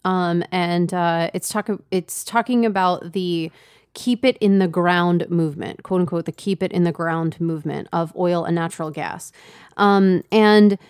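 A woman's voice: on the low side, measured pace, a little mellow, clean tone, dry recording, clean studio sound. A woman co-hosting a casual market talk show, conversational and laughing easily, with lots of fillers. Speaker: co-host.

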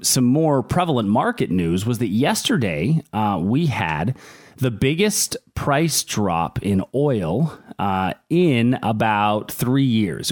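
A man's voice: medium pitch, no room sound, clean studio sound. A man co-hosting a casual news show, joking about odd stories and then explaining oil market moves at length. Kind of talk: casual chat and market commentary.

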